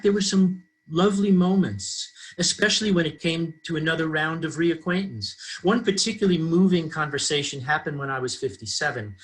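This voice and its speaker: A man's voice: a little high, fairly bright tone, low-quality recording. A man in his sixties reading aloud from his memoir on a video call, reflective in tone. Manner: reflective, voicing the dialogue he quotes. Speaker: author and professor.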